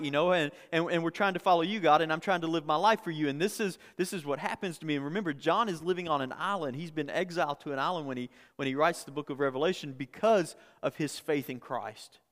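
A man's voice: fairly high pitch, fast talker, few pauses, fairly bright tone, in a large hall. A man preaching a sermon in a conversational way, often repeating words and building to emphatic peaks. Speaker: pastor.

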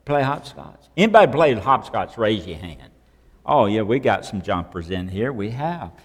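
A man's voice: on the low side, very animated, normal speed. A man preaching a sermon to a congregation, conversational, with repeated rhetorical questions. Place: church hall. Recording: long reverb of a church hall.

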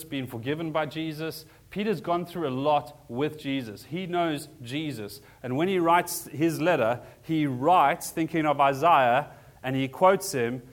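A man preaching a sermon in an earnest, conversational way, asking the congregation questions as he goes. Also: mid-range voice. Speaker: pastor.

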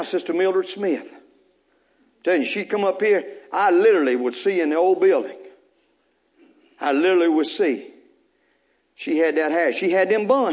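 A man's voice: high-pitched, darkish tone. A male pastor, preaching a folksy, fervent sermon full of repetition in a church. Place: church sanctuary.

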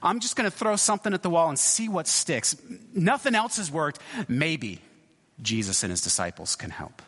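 A pastor acting out a hopeless father pleading with a husky, slightly raised voice. The words trail off and ring out in a long hall reverb. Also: on the high side, sing-song, normal speed, a bit bright, pitched above the performer's own voice, full character voice. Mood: desperate. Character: desperate, pleading father of a sick boy.

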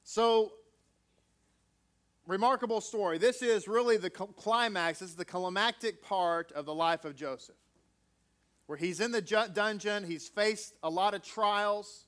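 A man's voice: high-pitched, a little slow, a bit bright. A man reading scripture aloud and then preaching in a conversational way, joking with the congregation. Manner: conversational, jokey asides with audience.

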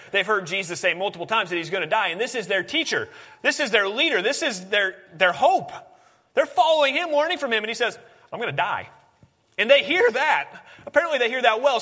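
A man's voice: on the high side, pushed and bright, breathy edge, in a large hall. A man preaching a sermon in an earnest, conversational way, often restarting his sentences.

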